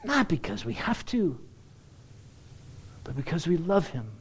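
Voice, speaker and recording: Animated male preacher, high lively voice. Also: measured pace, husky. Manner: animated preaching, rising to excited emphasis. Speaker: pastor. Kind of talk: sermon.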